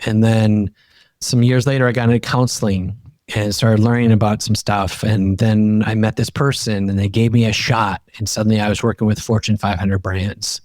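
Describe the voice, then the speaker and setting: A middle-aged man, a podcast guest and coach, telling personal stories in an emphatic, animated way that climbs high in pitch when he gets fired up. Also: no echo, clean studio sound. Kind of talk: animated personal storytelling in conversation.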